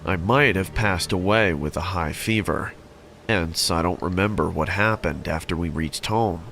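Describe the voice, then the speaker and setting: A man narrating a scripted horror story in an even, measured way. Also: deep voice, creaky, a little hiss or hum.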